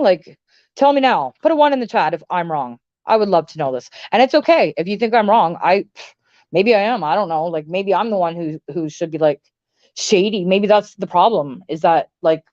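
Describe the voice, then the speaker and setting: Woman streamer, lower voice, blunt and swearing, rambling rant to chat; dry, slightly dull mic. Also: darkish tone, dry recording. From Canada. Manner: blunt, profane, rambling with many "like"s. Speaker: livestream host. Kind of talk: casual livestream rant to chat.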